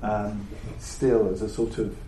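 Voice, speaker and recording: An older man giving a reflective Buddhist dharma talk to an audience. He speaks in a halting, thoughtful way and often repeats words while he searches for the phrasing. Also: fairly low pitch, little pitch movement, dark tone. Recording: roomy echo with faint background noise.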